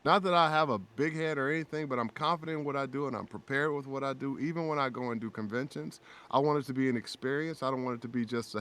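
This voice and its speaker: A man with a mid-pitched voice tells a personal story on a relaxed podcast. He jumps up into high, lively tones whenever he quotes someone, and his delivery is warm, earnest and emotional. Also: fast, few pauses. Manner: animated storyteller, acts out quoted dialogue in raised voice; warm and emotional, speaks of faith and prayer. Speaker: guest voice actor.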